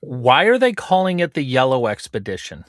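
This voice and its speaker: A man co-hosts a relaxed podcast chat. He jokes a lot and stalls often on "uh" fillers. His voice sits at a middling pitch, recorded close and dry. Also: dry recording. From Canada. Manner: joking, halting with many "uh" fillers. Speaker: podcast co-host. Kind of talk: casual chat.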